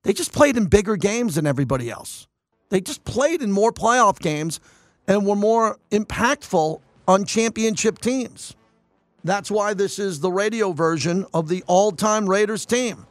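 A man hosting a sports talk radio show, delivering an energetic, opinionated monologue and thinking aloud with restarts. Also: high-pitched, measured pace, no room sound.

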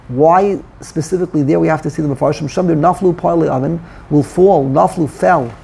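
Man, Torah class teacher, gravelly, husky, explanatory. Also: a little high, brisk, dark tone. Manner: explanatory, mixes Hebrew terms into English.

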